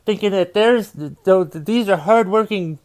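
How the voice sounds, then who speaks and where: A man's voice: sits high, unhurried, a little mellow, clean tone. Profane ranting comedian man. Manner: profane, exasperated ranting with repeated refrains. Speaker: stand-up comedian and podcast host. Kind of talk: comedic rant.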